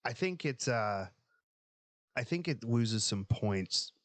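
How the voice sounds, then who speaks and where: A man co-hosting a casual podcast, chatting loosely and telling animated stories. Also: medium pitch, takes it slowly, dry recording. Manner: animated storyteller, drops into quoted voices. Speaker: podcast co-host. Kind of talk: casual chat.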